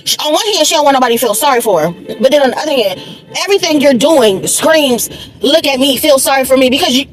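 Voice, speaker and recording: High-pitched woman ranting on her vlog, blunt, swears a lot, totally fed up. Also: dry recording, poor audio. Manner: blunt, profane, exasperated. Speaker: commentary vlogger. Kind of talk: ranting reaction commentary.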